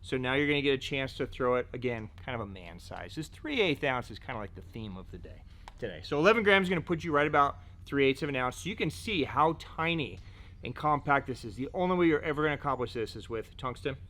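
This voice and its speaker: A man's voice: medium pitch, expressive, fast, a bit bright. A man presenting fishing gear in a casual product showcase, chatty and joking, often filling gaps with "so" and "right?". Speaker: fishing tackle shop presenter.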